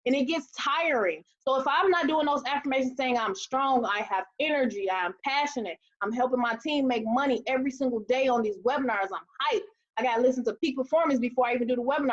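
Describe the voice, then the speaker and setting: A woman in her thirties leading a motivational team webinar, animated and preachy, acting out the quotes she tells. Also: fairly high pitch. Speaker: team leader. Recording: dull lo-fi webinar audio.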